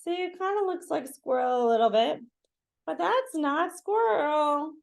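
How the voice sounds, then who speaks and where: Lady reading a storybook to little kids, unhurried, keeps asking them to finish the line, high sing-song voice. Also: lively intonation, creaky. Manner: interactive, asks listeners to fill in words. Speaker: children's story reader. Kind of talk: reading a picture book aloud to children.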